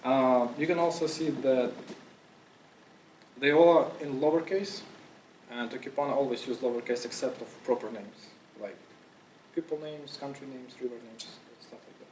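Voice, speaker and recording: Speaking to a conference audience, a man uses a moderately paced, mid-range voice with a slightly mellow quality. The talk is casual and rambling, packed with fillers and restarts, broken by an occasional cough. There's a little hiss or hum, and he sounds far away in a reverberant room.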